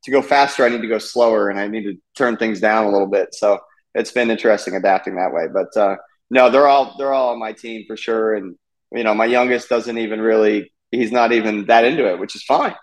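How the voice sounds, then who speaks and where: A man in his thirties talks casually as an interview guest, a racing driver. His speech is relaxed and halting, with many fillers and restarts. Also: on the low side, rough recording. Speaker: race car driver guest.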